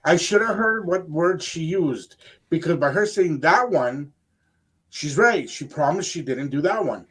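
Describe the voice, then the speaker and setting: An older man and grandfather, a radio co-host, telling a rambling, animated story in casual chat. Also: fairly high pitch, a little slow, slightly rough. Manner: animated, rambling anecdote with quoted asides.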